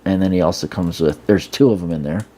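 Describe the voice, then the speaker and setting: A man's voice: deep voice, fast talker, dark tone, a little hiss or hum. A man casually showing and reviewing an action figure, rambling with fillers and restarts. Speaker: toy reviewer. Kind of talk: casual hands-on product review.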